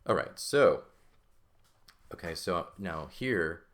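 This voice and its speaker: Man as a teacher, voice sits very low, explains patiently and checks understanding as he goes. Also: animated, takes it slowly. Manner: explanatory, checks in with "okay?" and "right?". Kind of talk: recorded language lesson.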